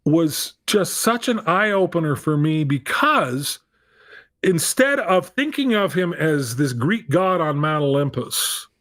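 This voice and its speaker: A man's voice: on the high side, big pitch swings, takes it slowly, a bit bright, no room sound, clean studio sound. A middle-aged man telling a personal story as a guest on a talk show, candid and self-deprecating, often restarting his sentences. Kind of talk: storytelling in a conversation.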